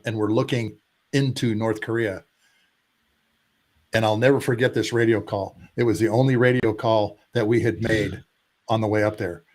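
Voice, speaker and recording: A man in his sixties, a retired Air Force pilot, telling animated war stories as a podcast guest and drawing out emphatic lists. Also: on the low side. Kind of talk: casual storytelling interview.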